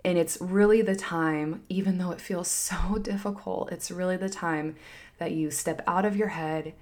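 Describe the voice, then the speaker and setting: A woman's voice: fairly low pitch, fairly even intonation, normal speed, a little mellow. A woman in her thirties talking candidly and earnestly about parenting, full of fillers and restarts. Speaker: parenting vlogger. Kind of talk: candid heartfelt monologue.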